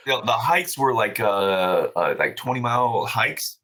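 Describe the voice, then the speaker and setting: A man telling a story on a podcast as the guest, animated and casual, swearing freely with many fillers and restarts. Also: medium pitch, a little slow, rough recording. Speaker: podcast guest, brewery owner.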